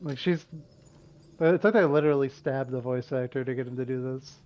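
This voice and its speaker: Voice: mid-range voice, fairly quick, highs cut off, background noise. A co-player bantering on a game stream with crude, swearing jokes. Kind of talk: casual banter during a game.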